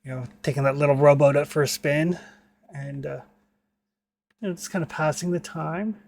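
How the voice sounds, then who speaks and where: A man running a tabletop game as game master, narrating with many pauses and fillers. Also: fairly high pitch, steady tone, vocal fry, a little mellow, a little hiss or hum. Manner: hesitant, filler-heavy narration.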